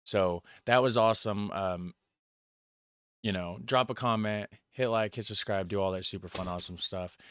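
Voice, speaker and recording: American guy rambling thru his reaction, kinda low voice, super dry mic. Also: fairly even intonation, normal speed, clean tone, no echo. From United States. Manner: rambling, restarts, trails off quietly. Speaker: reaction video host. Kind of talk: casual commentary.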